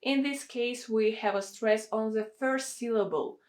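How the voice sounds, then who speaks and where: Russian-accented woman tutor, fairly high voice, slow, deliberate drilling delivery. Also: darkish tone. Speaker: Russian language teacher. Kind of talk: pronunciation lesson.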